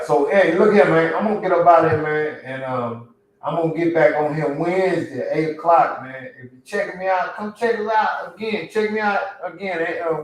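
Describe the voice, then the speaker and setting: A male podcast host talking loosely and earnestly, full of slang. His voice sits at an ordinary middle pitch and rings out in a very echoey room. He is set back from the mic, with faint noise underneath. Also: far from the mic. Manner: loose slangy talk, calls listeners man and bro; earnest and encouraging. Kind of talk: casual live-stream talk.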